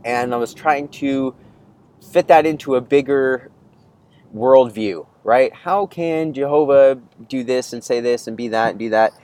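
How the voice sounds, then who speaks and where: A man hosting a podcast, telling a personal story in a rambling, animated way and often cutting himself off mid-sentence. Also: mid-range voice, a little slow, rough recording. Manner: rambling, animated, self-interrupting. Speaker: podcast host. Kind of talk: casual storytelling monologue.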